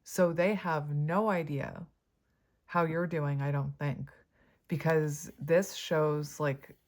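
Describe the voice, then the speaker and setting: Female tarot reader, low voice, casual and chatty, laughs often, many fillers. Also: fairly even intonation, slow pace, darkish tone. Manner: chatty, giggly, full of fillers. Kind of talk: casual tarot reading to camera.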